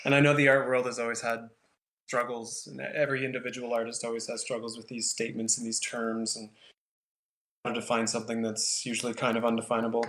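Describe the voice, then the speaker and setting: A man's voice: mid-range voice, flat delivery, fast talker, a bit bright, echoey room. A man, a painter from Canada, talking casually in an interview and thinking aloud with lots of fillers. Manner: thoughtful, rambling with many fillers. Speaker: painter, guest.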